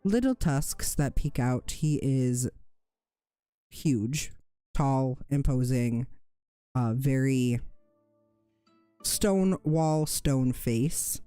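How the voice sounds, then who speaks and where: A game master narrates a fantasy tabletop game, describing scenes at a slow, careful pace. The voice is mellow and relaxed, with small self-corrections along the way. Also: medium pitch, smooth, no echo, soft background music.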